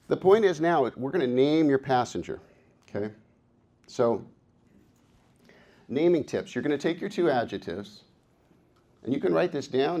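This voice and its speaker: A man's voice: medium pitch, a little mellow. A man in his fifties giving a live workshop talk, upbeat and encouraging, playful with the audience. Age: 50s. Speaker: workshop presenter and coach. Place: conference workshop room.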